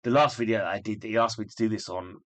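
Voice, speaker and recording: A man's voice: lowish voice, fairly even intonation, very fast, a bit bright, no room sound. A man reading a comic book aloud for his channel, breaking off into casual, self-deprecating asides.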